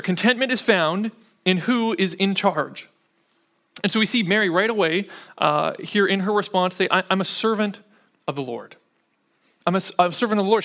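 Here a pastor preaches in a high-pitched voice with a fairly bright tone. His delivery is chatty and conversational, and he often checks in with the congregation, asking "right?"

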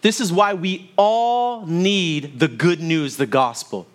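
A man's voice: high-pitched, takes it slowly. A man in his thirties preaching a sermon to his church, telling family stories and asking the congregation to respond. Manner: storytelling with asides to the congregation. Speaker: pastor.

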